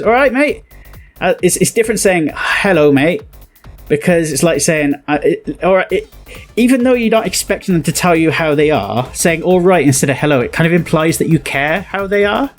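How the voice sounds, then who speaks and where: A man from southwest England with a West Country accent, chatting through a casual reaction commentary and rambling on with lots of fillers and restarts. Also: fairly high pitch. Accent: West Country English. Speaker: video commentator.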